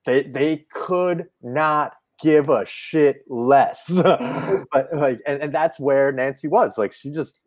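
Profane, animated man chatting casually. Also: a little high, slow pace, few pauses. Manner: profane, animated film retelling. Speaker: podcast co-host. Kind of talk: casual chat.

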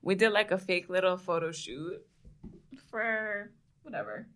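Blunt woman co-host, lower voice, emphatic and frank. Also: measured pace, a bit bright. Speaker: podcast co-host. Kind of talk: casual chat. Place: New York City.

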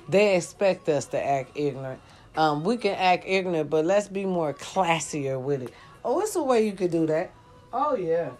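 Low-voiced woman, under the weather, blunt and profane, faint music behind. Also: darkish tone. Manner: blunt, preachy, swears freely, says y'all often. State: sick, lying down. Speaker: vlogger. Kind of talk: casual talk to viewers.

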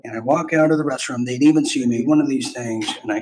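A man's voice: mid-range voice, fast talker, background noise. A man hosting a podcast, telling a rambling, self-interrupting personal story in a casual way and acting out bits of dialogue. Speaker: podcast host.

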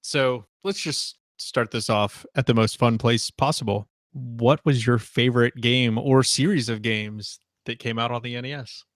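Man, 30s, mid-pitched podcast co-host, rambling and filler-heavy, dry close sound. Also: unhurried, few pauses, no room sound. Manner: rambling, lots of fillers and likes. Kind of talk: casual chat.

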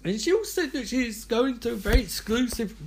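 A man's voice: very high voice, lively intonation, a little fast, darkish tone, husky. A man hosting a podcast as a comic monologue. He is exhausted and swings between frantic swearing rants and tired mumbling. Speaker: podcast host.

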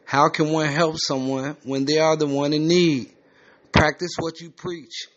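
A man voicing an eccentric rehab patient who speaks in a fake British accent and sings in a high falsetto, on a slightly muffled lo-fi recording. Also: flat delivery, a little slow, close to an everyday voice. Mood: ranting. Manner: sudden leaps to a high singing voice.

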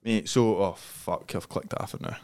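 A man's voice: on the low side, moderate pace, darkish tone. Laughing Scottish man telling stories. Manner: laughing, sweary storytelling. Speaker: podcast co-host. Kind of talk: casual chat.

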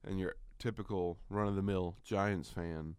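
A man co-hosting a sports podcast in casual chat, deadpan and quick to argue a point. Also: low voice, smooth, no room sound, clean studio sound. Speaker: podcast co-host.

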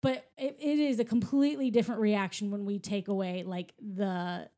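A woman's voice: mid-range voice, steady tone, normal speed, warm tone. A woman in casual chat, a fellow parent who mostly listens and agrees, then shares her own view. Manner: supportive listener, frequent agreement.

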